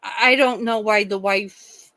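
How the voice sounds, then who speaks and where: A woman's voice: mid-range voice, fairly even intonation, takes it slowly, sharp tone, no room sound, poor audio. A woman hosting a true crime livestream, talking in a rambling, indignant way with many restarts and some swearing. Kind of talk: casual livestream chat.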